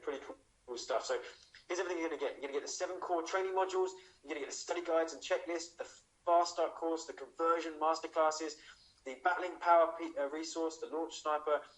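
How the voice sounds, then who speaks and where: A man with an English accent giving an emphatic online sales pitch as a webinar presenter, tossing in rhetorical questions and a habitual "okay?". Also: rough recording.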